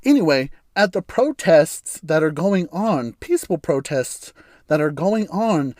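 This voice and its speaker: A man's voice: on the high side, sing-song, a little slow, a little mellow, no echo, clean studio sound. An American man hosting his own podcast, rambling casually with sarcastic asides and frequent laughs. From United States. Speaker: podcast host. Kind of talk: casual solo podcast monologue.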